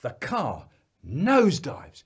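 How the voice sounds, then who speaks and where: A man telling a comic story about his family in an animated, playful way. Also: fairly high pitch, slow pace, breathy edge.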